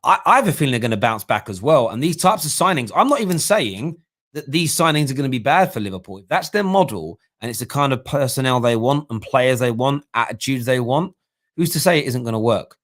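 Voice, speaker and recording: A man's voice: medium pitch, expressive, a little fast, fairly bright tone. A man hosting a live-streamed football fan talk show, giving opinionated analysis and thinking aloud with restarts.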